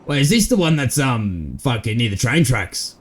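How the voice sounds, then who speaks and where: A man's voice: mid-range voice, very animated, moderate pace. An Australian man chatting casually during a roleplay stream, laid-back and swearing freely, calling everyone mate. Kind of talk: casual in-character roleplay chat.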